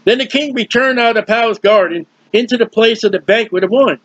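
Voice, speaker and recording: Husky high-voiced man teaching scripture. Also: brisk, a bit bright, no room sound, highs cut off. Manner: conversational, explains with everyday comparisons, frequent restarts. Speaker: Bible teacher. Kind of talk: informal verse-by-verse Bible teaching.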